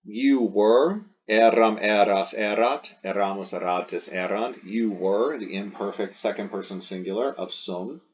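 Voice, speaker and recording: Low, unhurried man teaching grammar. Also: dull audio, slight background noise. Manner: explanatory, patient, stops to re-ask and rephrase. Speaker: Latin teacher. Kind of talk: recorded lesson walking through exercise sentences.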